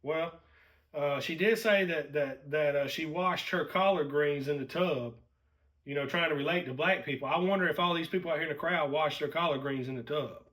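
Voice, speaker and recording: Bright-voiced man asking mocking questions. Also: on the high side, moderate pace, low-quality recording. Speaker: co-host. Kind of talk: casual commentary chat.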